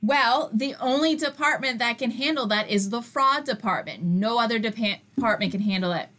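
A woman's voice: a little high, normal speed, fairly bright tone. A woman co-hosting a podcast, chatty and exasperated as she tells her own story in casual chat.

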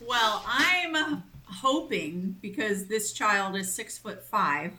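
A woman in her forties co-hosting a casual chat, animated and quick to laugh, swearing freely. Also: mid-range voice. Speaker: podcast co-host.

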